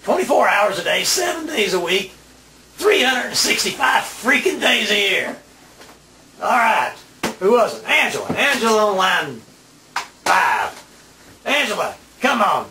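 A man's voice: high voice, big pitch swings, unhurried, pauses often, pushed and bright, echoey room, far from the mic, slight background noise. A man playing a radio DJ in a comedy sketch, grumbling, exasperated and sarcastic.

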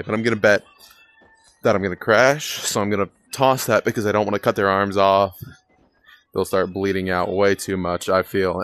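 A man's voice: on the low side, fairly bright tone, a little hiss or hum. A young man giving casual, rambling gameplay commentary, swearing casually and poking fun at himself. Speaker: gaming video creator.

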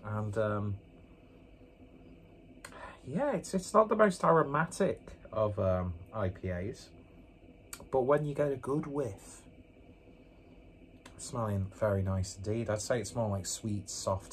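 A man's voice: lowish voice, very animated, slow, long pauses, a little hiss or hum. A man doing a casual beer review vlog, rambling along with joking, self-mocking asides, indoors with a fan running.

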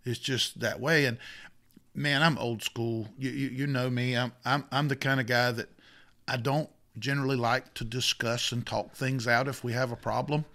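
A man's voice: medium pitch, normal speed. A middle-aged man, a youth football coach, telling a story in casual chat, with lots of repeated starts. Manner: animated, self-interrupting with repeats.

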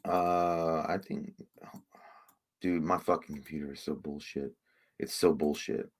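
A man's voice: low voice, expressive, unhurried, fairly bright tone. A man hosting a casual livestream, rambling and swearing, easily frustrated. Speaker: livestream host.

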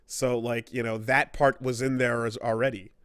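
A man's voice: medium pitch, little pitch movement, moderate pace, a bit bright, smooth, no echo, studio quality. A man co-hosting a casual gaming podcast, rambling and swearing as he acts out quoted characters. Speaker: podcast co-host.

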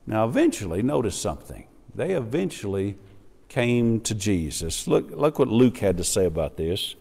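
Animated preacher in a reverberant church. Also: male voice, on the low side, normal speed, gravelly, husky. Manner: animated, acts out quoted voices. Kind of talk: sermon. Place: church sanctuary.

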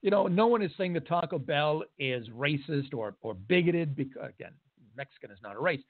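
Fairly quick and high-pitched, this US talk radio man is animated as he gives an opinion monologue in a radio studio. His delivery is emphatic and laced with sarcasm, heard through phone-like narrow-band audio.

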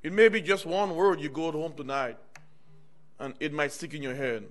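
At a normal speed and with a slightly high voice, a middle-aged male minister from the US shares his personal testimony from the pulpit of a church. He keeps it conversational, frequently addressing the congregation with "amen" and "y'all."

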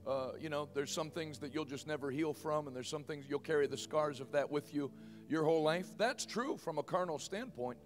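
A man in his forties preaching a sermon as pastor, emphatic and bursting loud in praise. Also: on the high side, fairly quick. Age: 40s.

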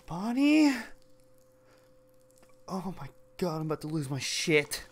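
A man hosting a gaming channel, giving let's play commentary full of frustrated swearing and yelling at the game. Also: fairly high pitch, sing-song, takes it slowly.

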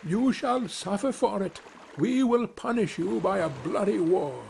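A man's voice: sits high, animated, unhurried, vocal fry, a little mellow, a little hiss or hum, pitched above the performer's own voice, exaggerated voice. A man voicing a stern old male king wren in a storybook fable, threatening punishment.

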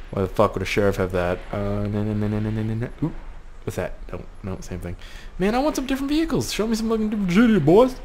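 A young man giving excitable, heavily profane, jokey running commentary while playing a driving game. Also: fairly low pitch, slight background noise. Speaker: gaming video host. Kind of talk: let's-play commentary. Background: game music and car sounds.

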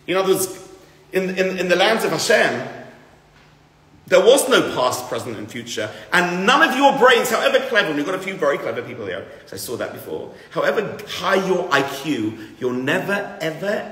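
A lively man gives a spirited lecture to a room of listeners. His voice is bright and high-pitched, and his pitch swings widely. He jumps between loud emphatic bursts and low, quiet asides, and a long echo rolls around the big hall. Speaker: rabbi teaching a class. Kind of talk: lively lecture to a live group. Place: large room with an audience. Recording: roomy hall with long reverb.

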